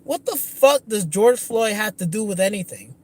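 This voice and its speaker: A man's voice: high-pitched, animated, moderate pace. A man hosting a gaming livestream, ranting angrily with lots of swearing and restarts. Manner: angry, profane, repetitive restarts. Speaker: gaming channel host. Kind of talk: livestream rant.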